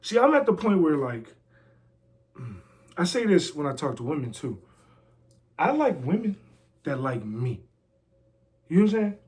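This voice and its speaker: Brash slangy man, higher voice. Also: sing-song, unhurried, long pauses, darkish tone. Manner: brash, boastful, slangy trash talk. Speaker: interview guest, former pro wrestler. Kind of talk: casual interview chat. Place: a house.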